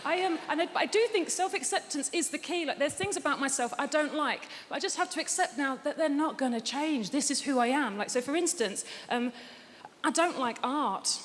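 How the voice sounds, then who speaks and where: A woman performing a stand-up comedy set on a theatre stage, delivering exasperated deadpan rants. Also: sits high, brisk, slight background noise. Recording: roomy theatre reverb, live stage. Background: audience laughter.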